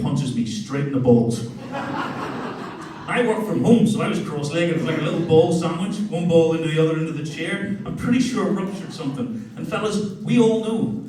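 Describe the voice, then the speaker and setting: A man's voice: a little high, very echoey, distant mic, poor audio. A man in his forties with a Northern Irish accent, telling crude family stories in a stand-up comedy set. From Northern Ireland. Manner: crude, storytelling, animated. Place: comedy club stage.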